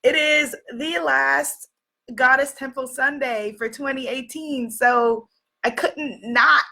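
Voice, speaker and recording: High, bright-voiced woman, hoarse. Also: slow pace. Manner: energetic and enthusiastic, greets viewers by name. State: hoarse, strained voice. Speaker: spiritual business coach and live-stream host. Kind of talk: motivational live-stream talk. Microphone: clip-on microphone.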